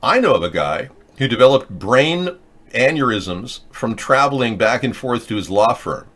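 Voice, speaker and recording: A male host holds forth on a political commentary show in a rambling, sarcastic manner, jumping from point to point. His voice sits at an ordinary mid pitch for a man. He keeps the talk loose and opinionated. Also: animated, a little slow, fairly bright tone.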